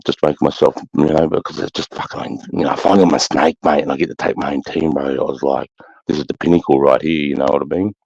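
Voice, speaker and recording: A man's voice: a bass voice, brisk, vocal fry, a little mellow, slightly rough, no echo, dull audio. A middle-aged Australian man, a former army sergeant, telling war stories in casual chat, bluntly and with constant swearing. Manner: blunt, heavy swearing, keeps adding "mate".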